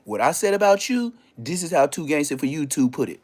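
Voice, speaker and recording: A livestream host, a man, launches into a heated, taunting, profane rant at a rival, lurching between low growls and high yelps. His darkish voice swings widely in pitch at a fairly quick pace. There's a little hiss or hum in the audio.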